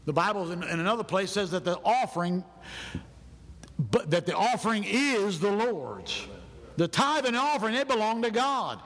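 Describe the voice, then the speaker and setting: A man preaching a sermon in a church, animated and loud, acting out people's excuses in his own voice. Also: high-pitched, moderate pace. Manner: animated, shouting, acts out other people's excuses. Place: church sanctuary. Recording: long hall reverb in a church.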